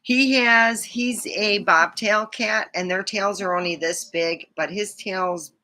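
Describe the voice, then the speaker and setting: A woman's voice: mid-range voice, takes it slowly, pushed and bright. A woman hosting a casual livestream, rambling affectionately and talking to her cat as she plays with it. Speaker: livestream host.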